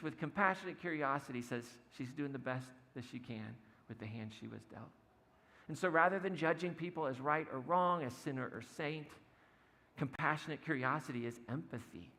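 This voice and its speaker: A man preaching a conversational sermon as pastor, retelling a story in a casual, storytelling way. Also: on the high side. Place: church sanctuary. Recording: long hall reverb, soft music behind.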